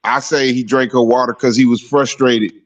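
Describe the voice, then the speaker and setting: This is a man calling in to a talk show with a mid-pitched voice. He lays out his views steadily and swears freely. The line sounds muffled and distant. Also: normal speed. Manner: steady, opinionated, profane. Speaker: caller. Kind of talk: call-in opinion.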